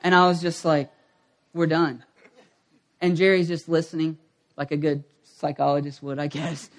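Male pastor, mid-life, high voice, animated sermon storytelling with acted-out quotes. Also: brisk.

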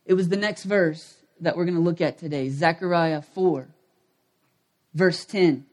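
A man's voice: fairly high pitch, unhurried. A man pastor preaching a sermon, telling a personal story in a conversational way and asking the congregation questions.

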